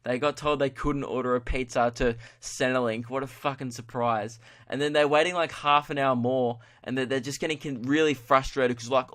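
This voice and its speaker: A man's voice: mid-range voice, fairly even intonation, normal speed, few pauses, fairly bright tone. An Australian man hosting a comedy podcast, telling stories in a casual rant, swearing freely and breaking into laughter as he acts out what people said. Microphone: podcast mic.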